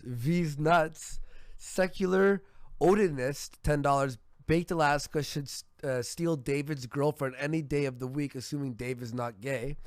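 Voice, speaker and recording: A man's voice: on the high side, no echo, clean studio sound. A man hosting a casual livestream, reading donation messages aloud in a loose, joking way, his throat sore and tired.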